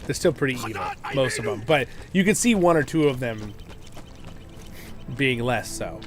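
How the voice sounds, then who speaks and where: A man's voice: mid-range voice, lively intonation, normal speed, over music. A man hosting a gaming livestream, chatting casually and rambling with many fillers and laughs.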